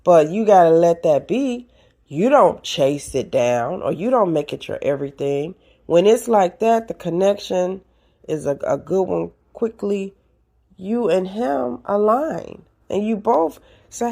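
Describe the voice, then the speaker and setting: A seasoned woman hosts her own advice show, talking straight at her listeners. Her voice sits a little low with a gravelly edge. She is animated and a bit preachy. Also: measured pace. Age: older. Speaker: podcast host. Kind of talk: casual advice talk.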